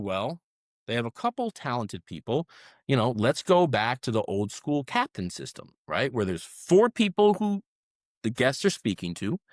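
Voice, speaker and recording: A man in mid-range pitch, speaking as a guest in a relaxed interview. He tells lively stories and keeps checking in with a quick "right?". The recording is close and dry, with no room sound. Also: dry recording. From South Florida. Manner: animated storyteller, tags many sentences with "right?". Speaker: restaurant management co-founder, guest. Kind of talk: conversational interview.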